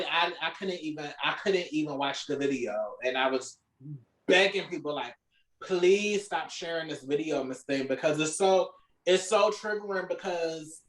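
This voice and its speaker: A woman's voice: on the low side, echoey room, poor audio. A woman co-hosting a podcast, talking frankly and emotionally in casual chat, restarting her sentences. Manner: emotional, frank, talks fast in bursts with restarts. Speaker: podcast co-host.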